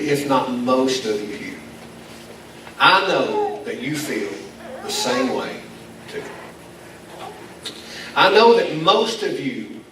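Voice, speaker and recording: High-voiced pastor in an echoey hall. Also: male voice. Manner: folksy, self-deprecating, with chuckles. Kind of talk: conversational sermon. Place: church meeting in a school building. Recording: echoey hall, distant mic, faint noise.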